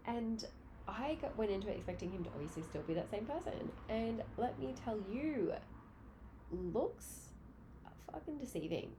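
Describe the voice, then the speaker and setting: A woman's voice: mid-range voice, dark tone, a little hiss or hum. A woman in her late twenties hosting a casual solo podcast, telling stories in a chatty way and swearing freely. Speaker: podcast host.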